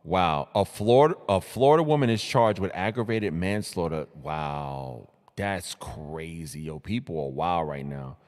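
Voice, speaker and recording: A young man from New City, hosting a casual live stream and reacting to social media posts in hyped, slangy talk full of repeated greetings and shout-outs. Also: low voice, a little slow, few pauses, in a large hall. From New York City.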